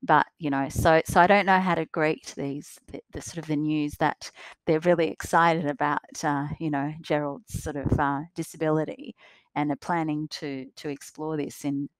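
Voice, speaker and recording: A woman's voice: deep voice, fairly even intonation, moderate pace, smooth, no echo. A woman guest on a podcast, speaking casually and hesitantly, with many fillers and restarts. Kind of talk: casual discussion.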